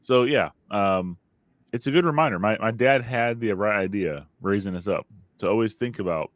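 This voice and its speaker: A man co-hosting a parenting podcast from a faith angle speaks in an earnest, reflective way, often turning to the listener with questions. His voice sits fairly low. The sound is dry and close, with no room echo. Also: moderate pace. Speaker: podcast co-host. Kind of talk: casual faith-based parenting chat.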